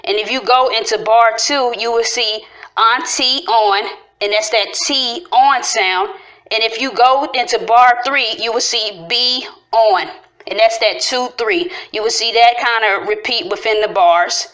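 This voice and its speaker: A woman's voice: a little high, a bit bright. Give me a woman casually breaking down rhyme sounds, drawing out and repeating each syllable. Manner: talks through syllables slowly, repeating and stretching sounds. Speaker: video creator explaining rhyme schemes. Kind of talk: casual explanatory walkthrough.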